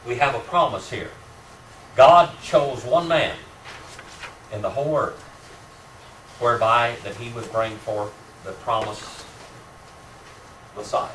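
Heard from afar through a room mic, a man with a fairly low voice teaches a Bible class at church, a bit slowly and with many pauses. He poses questions to the group, laughs softly between points, and teases them kindly. The amateur recording sounds roomy, with a faint hiss.

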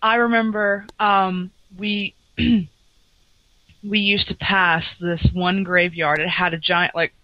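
A woman co-hosting a podcast, chatting in a relaxed, hesitant way. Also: medium pitch, takes it slowly, dry recording. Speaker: podcast co-host. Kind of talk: casual chat. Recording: dull dry lo-fi mic.

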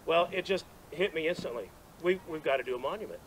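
A man's voice: on the high side, fast talker, hardly any pauses, slight background noise, low-quality recording. Chatty man telling a story outdoors. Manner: chatty, self-deprecating, frequent restarts and laughs. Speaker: speaker at monument dedication. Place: outdoors at a gathering.

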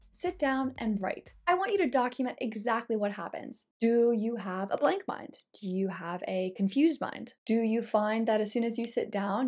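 A woman's voice: on the high side, a little mellow. A woman talking to the camera as a writing coach, chatty and direct, with emphatic delivery. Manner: chatty, direct, addresses the viewer. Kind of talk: casual instructional vlog.

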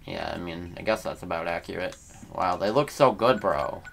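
A man's voice: low-pitched, moderate pace, vocal fry, fairly bright tone, a little hiss or hum. A young man giving casual, laid-back gameplay commentary and reacting aloud in slangy talk. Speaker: let's player.

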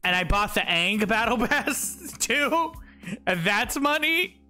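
A man's voice: high voice, very animated, takes it slowly, sharp tone, faint music behind. A man chatting playfully with his livestream chat, joking at his own expense while he plays. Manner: playful, self-mocking, talks to chat. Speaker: streamer.

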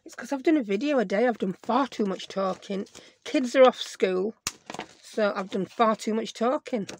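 A woman hosting a crafting tutorial, her voice croaky, chatting and thinking aloud as she works at her craft desk at home. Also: a little high, moderate pace, slight background noise. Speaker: craft video host.

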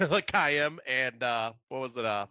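A man's voice: mid-range voice, lively intonation, measured pace, bright, forceful tone, smooth, dry recording. A man co-hosting a podcast, giving casual movie reviews with dry, self-mocking humor. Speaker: podcast co-host.

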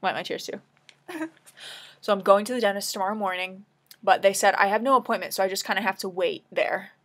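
A woman's voice: medium pitch, a little fast, a bit bright. A tearful woman talking anxiously in a casual confessional vlog, rambling and emotional, at times dropping to a whisper. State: tearful, crying. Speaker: vlogger.

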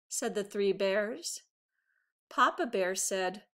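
Slow, animated woman reading a storybook aloud. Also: medium pitch. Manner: expressive storytelling. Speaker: teacher. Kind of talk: reading a picture book aloud.

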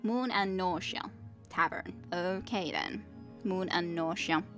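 A woman's voice: on the low side, fairly even intonation, takes it slowly, a bit bright, soft background music. A young woman streamer reading a fantasy novel aloud, with chatty asides to her viewers.

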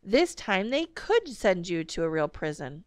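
A stern, exasperated mother, curt and controlled, as a woman reads her. The voice is smooth and resonant, close and dry. She talks tersely, with cross edges. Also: fairly low pitch, sing-song, unhurried, dry recording.

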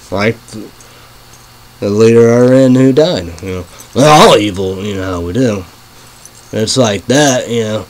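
A man's voice: medium pitch, rough recording. A man hosting his own online show in casual rambling talk, full of "you know" fillers and swearing. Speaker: show host.

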